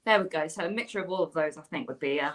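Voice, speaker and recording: A woman's voice: low-pitched, very fast. An actress, a woman, chatting enthusiastically and at length as a guest in a video call interview.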